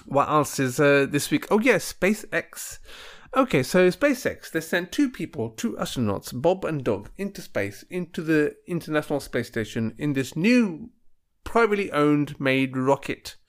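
Chatty man with a higher voice. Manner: chatty, laughs at his own jokes, acts out voices. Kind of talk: casual comic monologue.

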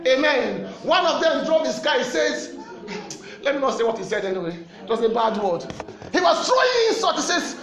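A Nigerian man preaching a sermon with fervent, animated delivery and shouted refrains. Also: very high voice, normal speed, reverberant.

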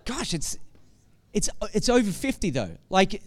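A man preaching a conversational sermon who keeps asking rhetorical questions and builds to forceful emphasis. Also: high voice, normal speed, smooth.

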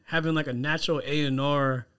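Seattle guy as podcast guest, chill and slangy, cursing a lot, voice on the higher side. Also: steady tone, brisk, fairly bright tone, clean tone. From South Seattle. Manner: laid-back, slangy, swears freely. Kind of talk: casual podcast chat.

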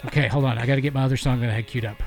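A man's voice: mid-range voice, fairly even intonation, very fast, soft background music. A man co-hosting a casual sports podcast, joking and rambling, laughing often. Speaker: podcast co-host.

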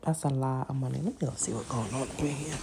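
A woman hosting a podcast from home in casual chat, blunt and profane, scolding loudly at times. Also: a bass voice, fast. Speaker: podcast host. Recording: noisy background.

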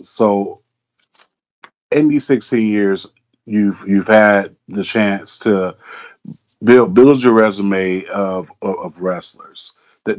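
A man hosting a casual interview, rambling and repeating himself with lots of fillers. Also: lowish voice. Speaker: interviewer, host. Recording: dull lo-fi audio.

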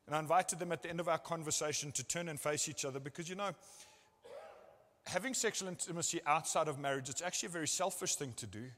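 Bright-voiced man preaching in a reverberant hall. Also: fairly high pitch, quick pace. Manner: earnest storytelling, acting out what people said. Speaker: pastor. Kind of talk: sermon. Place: church service.

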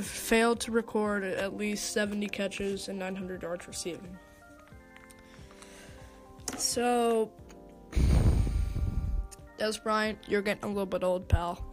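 A young woman hosting a casual sports talk segment, hesitant, with many fillers, restarts and stumbles. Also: mid-range voice. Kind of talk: casual sports commentary monologue.

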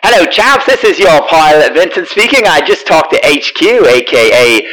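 Male GM voicing upbeat pilot, animated intercom announcement. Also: on the high side, moderate pace, voice pushed up, poor audio. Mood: chipper.

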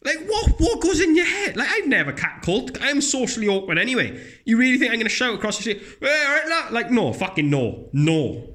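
Blunt, sweary man ranting. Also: fairly quick. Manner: profane, blunt, animated; voice jumps high when mocking others. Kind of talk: casual comedic rant.

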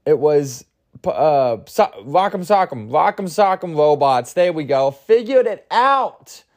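A man's voice: fairly high pitch, expressive, measured pace, darkish tone. A man hosting a solo comedy podcast, rambling and crude with self-mocking humor, groggy from an early start. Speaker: podcast host.

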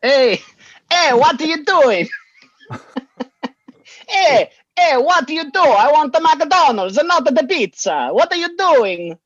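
A man putting on an Italian accent as an indignant man shouting about his dinner, loud and drawn out. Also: very high-pitched, very animated, slow pace, pauses often, voice pushed up, heavily acted. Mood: exasperated. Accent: put-on Italian. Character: hot-tempered Italian man shouting for fast food. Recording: dull lo-fi sound.

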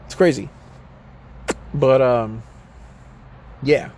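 A man's voice: medium pitch, drawn-out words, darkish tone. A man ranting urgently in a casual, rambling way, swearing often and circling back to repeat his points. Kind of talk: casual rant to camera.

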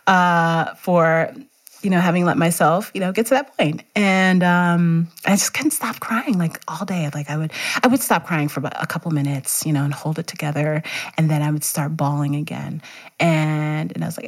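Animated woman telling a story, laughing often. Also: mid-range voice, normal speed. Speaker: guest, teacher and runner. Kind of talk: candid storytelling in conversation.

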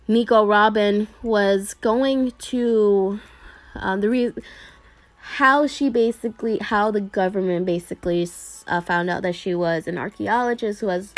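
A woman tells a story to her online audience in a relaxed, rambling way. She trips over words and pads her sentences with fillers. Her voice sits mid-range and sounds close and dry. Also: mid-range voice, vocal fry, no room sound. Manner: rambling, many fillers and restarts. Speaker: anime video creator talking to viewers. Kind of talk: casual storytelling chat.

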